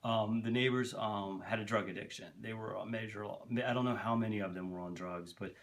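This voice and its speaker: A man's voice: lowish voice, steady tone, a little fast. A man telling a long personal story to camera for his vlog, rambling and candid, swearing freely and tripping over his words. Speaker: vlogger.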